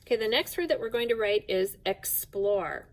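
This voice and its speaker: A woman teaching a phonics lesson to young children, speaking slowly and clearly and spelling out each sound with patience. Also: a little high, animated, poor audio.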